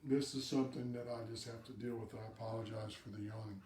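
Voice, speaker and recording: A man's voice: lowish voice, steady tone, fast, darkish tone, reverberant, far from the mic. A man hosting a live video cast, giving direct advice to viewers and repeating words for emphasis.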